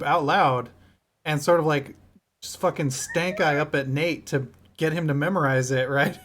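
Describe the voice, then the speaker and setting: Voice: medium pitch, moderate pace, fairly bright tone. A player in a tabletop game, talking casually, laughing often and swearing freely.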